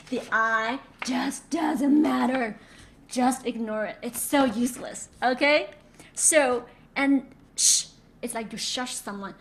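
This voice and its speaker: Woman teacher doing an online mandarin lesson, high voice, slow and patient, repeats sounds a lot. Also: slight background noise. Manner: patient, demonstrates sounds slowly, repeats words for students to copy. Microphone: own microphone.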